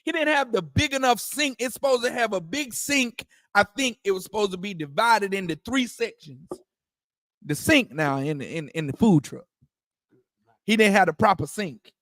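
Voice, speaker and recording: A man's voice: sits high, animated, normal speed, a bit bright, no echo, studio quality. A man leading a religious discussion, preaching in a casual way, often asking "you understand?" and restarting his words. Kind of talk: preaching-style casual talk.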